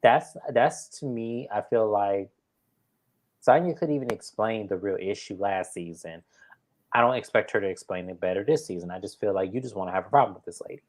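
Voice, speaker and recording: A man's voice: fairly low pitch, fairly quick. A man co-hosting a reality TV review in casual chat, reasoning through the drama bluntly with slang.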